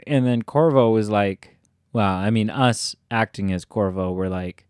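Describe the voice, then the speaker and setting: A man's voice: lowish voice, unhurried, a little mellow, clean tone, no room sound. A man hosting a casual let's-play video, rambling and joking and often breaking off mid-sentence. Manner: rambling, jokey, self-interrupting. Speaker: gaming video host.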